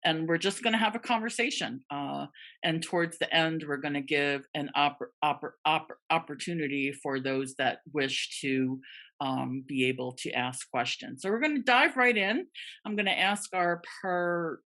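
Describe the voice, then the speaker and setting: Woman host, low bright tone, stutters on word starts, video-call panel. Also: moderate pace. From United States. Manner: stutters with repeated part-words.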